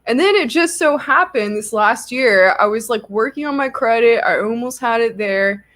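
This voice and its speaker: A woman's voice: a little high, moderate pace. A young woman hosting a livestream, telling a story casually with lots of "like" fillers. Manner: chatty, lots of "like" fillers, animated retelling. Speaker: livestream host.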